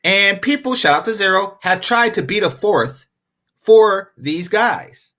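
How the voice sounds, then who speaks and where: High bright voice, guy ranting and telling stories, cusses a lot, swings all over. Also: measured pace. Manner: animated, profane storyteller. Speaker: panel commentator. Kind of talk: casual commentary.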